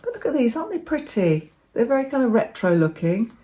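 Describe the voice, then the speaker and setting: A woman's voice: on the high side, sing-song, brisk, warm tone, slight background noise. A middle-aged woman chatting enthusiastically as she shows off her bargain finds in a casual vlog. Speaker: vlogger. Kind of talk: casual show-and-tell chat.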